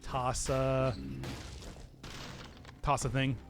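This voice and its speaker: A man's voice: mid-range voice, very slow, faint music behind. A man from the US Midwest with a Midwestern accent, chatting casually with his viewers while streaming a game, rambling and chuckling often. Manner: rambling, animated, chuckles often, talks to chat.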